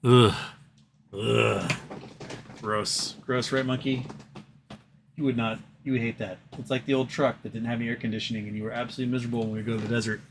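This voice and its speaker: A man's voice: mid-range voice, steady tone, a little fast, gravelly, background noise. A man hosting a casual livestream, reading chat aloud and rambling between topics. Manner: rambling, reads chat aloud, baby-talks to his cat. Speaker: livestream host.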